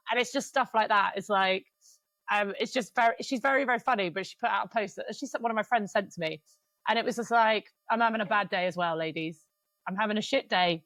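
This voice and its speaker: A woman in her thirties chatting on a podcast, open and emotional, with the odd swear word and bursts of quick venting. Her voice sits at a middling pitch. It is recorded close and dry, with no room sound. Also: fairly bright tone, no room sound. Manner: frank, emotional and swearing, speeds up when venting. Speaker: podcast co-host. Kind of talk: casual podcast chat.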